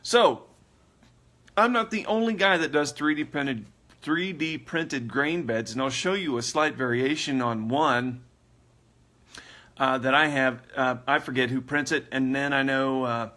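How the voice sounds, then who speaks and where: Bright chatty man, casual livestream host, rambling, laughs a lot. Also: mid-range voice, a little slow.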